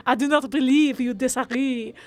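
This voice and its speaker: A woman's voice: sits high, steady tone, normal speed, natural voice. A woman reading game dialogue aloud as a hammy noble with a put-on French accent, mock-grave and slipping into giggles.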